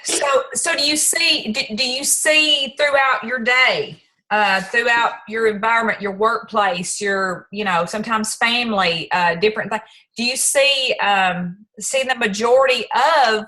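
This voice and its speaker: Woman host, bright and fairly high, asks rambling questions in casual group talk. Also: unhurried, poor audio. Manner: asks questions, restarts, many fillers. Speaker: discussion host.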